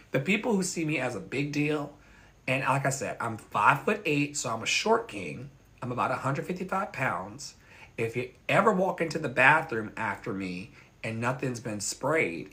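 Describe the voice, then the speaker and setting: A man chats casually with his livestream viewers, candid and loose, swearing freely and often laughing. His voice is bright and forward, and his pitch swings widely. He talks like an online pastor speaking off the cuff.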